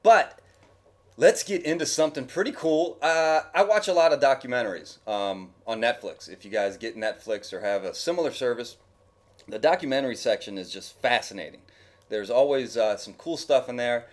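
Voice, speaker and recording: A man's voice: mid-range voice, moderate pace. A man talking casually over his gameplay footage as a YouTube gamer, rambling and joking with his viewers. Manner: rambling, chatty, jokey. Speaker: gaming YouTuber.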